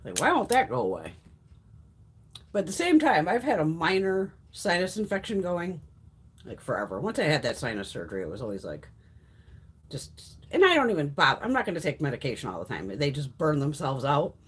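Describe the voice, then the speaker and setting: Stuffy, animated woman chatting live. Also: low-pitched, brisk, slightly rough. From Connecticut, USA. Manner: blunt, swears freely, lively storytelling. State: stuffy nose. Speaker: livestream host. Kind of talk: casual chat.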